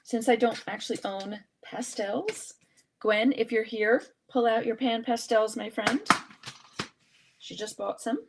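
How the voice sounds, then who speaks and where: A woman's voice: on the high side, steady tone, measured pace, noisy background. Chatty woman teaching art journaling. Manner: chatty, thinking aloud while working. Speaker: art journaling teacher hosting a live session. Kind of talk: casual live craft demonstration.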